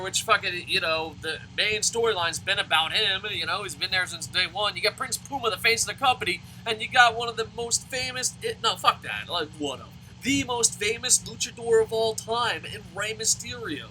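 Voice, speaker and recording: Excitable, swearing man ranting about wrestling. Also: high-pitched, normal speed, slight background noise, rough recording. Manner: excitable, swears constantly, sarcastic, repeats and restarts. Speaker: wrestling show reviewer. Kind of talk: casual profane rant to camera.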